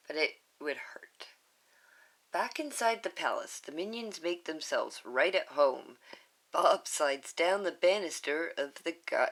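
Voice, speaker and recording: A woman's voice: deep voice, a bit bright. A woman reading a picture book aloud to viewers, with chatty, giggly asides. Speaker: storybook reader.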